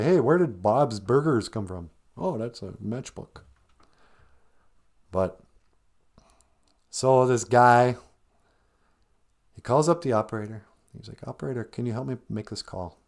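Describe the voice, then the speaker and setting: A man hosting a live podcast, telling a rambling, self-deprecating story in a casual, conversational way before playing a song. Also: on the low side. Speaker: podcast host and musician.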